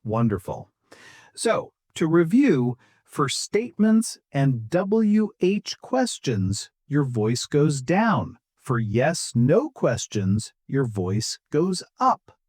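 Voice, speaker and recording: A man co-hosting a podcast for English learners, explaining intonation slowly and clearly and acting out examples. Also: mid-range voice, very animated, a little mellow, dry recording, studio quality. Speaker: English teacher, podcast co-host. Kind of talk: scripted English lesson.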